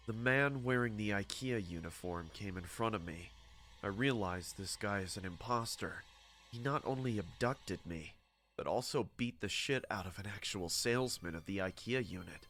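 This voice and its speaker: A man narrating a horror story in a steady, dramatic scripted telling. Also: lowish voice, moderate pace, faint music behind.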